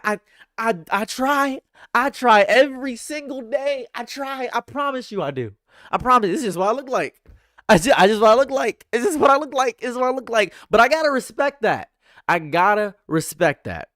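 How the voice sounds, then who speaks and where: A man's voice: extremely high pitch, fairly bright tone, no room sound, clean studio sound. A man streaming live from home, ranting sarcastically and repeating himself into a USB condenser mic. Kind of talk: livestream commentary. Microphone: condenser USB microphone.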